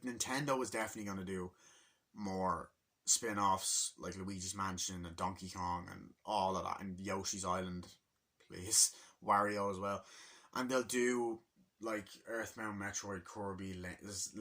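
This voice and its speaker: A young man giving a rambling, excitable spoken movie review, acting out scenes from the film. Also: moderate pace. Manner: rambling, excitable, acts out scenes in high voices.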